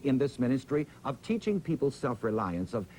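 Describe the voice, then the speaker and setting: A man, interviewed as a preacher, tells his story with a dramatic, drawn-out pulpit cadence. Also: medium pitch, very animated, dark tone, slight background noise, poor audio.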